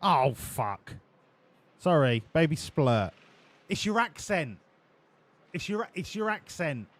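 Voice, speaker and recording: A man streaming a racing game live, bantering with his chat in a profane, excitable way. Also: on the high side, unhurried, pauses often.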